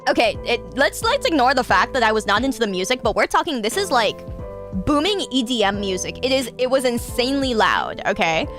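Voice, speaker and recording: A woman's voice: on the high side, brisk, over music. A woman hosting a casual stream chat, telling stories with lots of laughter and frank swearing. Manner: animated, laughing, swearing freely. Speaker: radio show host, VTuber.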